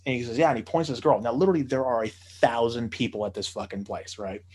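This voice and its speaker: A man telling a casual anecdote, animated, swearing freely and acting out the voices of the people he quotes. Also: medium pitch, fast talker, husky. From United States.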